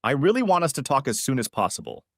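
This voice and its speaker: A man's voice: medium pitch, sing-song, fast, no echo, studio quality, close to an everyday voice. A man voicing a desperate, unfaithful young wife who pleads tearfully for forgiveness. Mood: coaxing.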